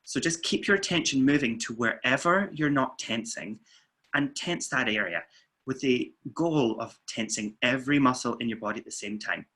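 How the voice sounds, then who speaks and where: A man, a weight-loss coach, calmly guiding listeners through muscle tensing and breathing exercises. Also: mid-range voice, normal speed, slightly rough. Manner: calm, steady counting and coaching. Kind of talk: guided relaxation instructions. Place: indoors, filming himself.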